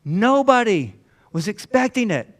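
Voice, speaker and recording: Male pastor, high voice, chatty storytelling sermon. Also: big pitch swings, a little slow. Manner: conversational storytelling, acting out disciples' lines. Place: church.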